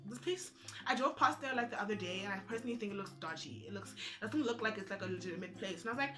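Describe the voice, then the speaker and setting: A young woman vlogging, telling a personal story in a casual, animated way and acting out what others said. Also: on the high side, rapid-fire, over music. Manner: animated, acts out other people's lines in quotes.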